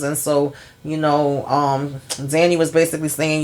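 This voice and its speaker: A woman's voice: low voice, flat delivery, normal speed, darkish tone. Chatty woman recapping a TV show. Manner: chatty, acts out characters' lines. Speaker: TV recap host. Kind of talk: casual TV episode recap.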